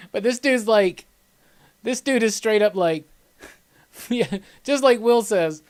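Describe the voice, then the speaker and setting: A man's voice: high voice, lively intonation, takes it slowly, long pauses. A man hosting a live commentary, talking casually and enthusiastically, rambling and laughing as he chats with viewers. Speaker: host of live movie commentary.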